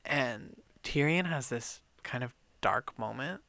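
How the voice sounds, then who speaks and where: A man co-hosting a casual book podcast, retelling the plot in an animated, profane way and acting out the lines. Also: mid-range voice, slow pace, gravelly, no echo. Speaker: podcast co-host.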